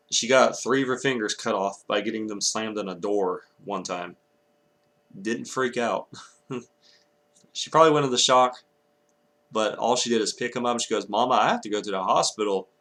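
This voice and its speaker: Young guy from texas going off in an angry sweary rant, lowish voice, keeps saying sorry. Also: steady tone, normal speed, long pauses, sharp tone. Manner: angry, profane ranting with apologetic asides. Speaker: vlogger. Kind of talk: ranting commentary vlog.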